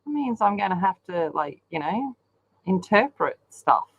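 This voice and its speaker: A woman's voice: medium pitch, sing-song, measured pace, vocal fry, breathy edge, dry recording, lo-fi sound. A woman chatting casually while she colours, rambling along with lots of ums. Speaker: colouring channel host. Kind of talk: casual chat while colouring on a live stream.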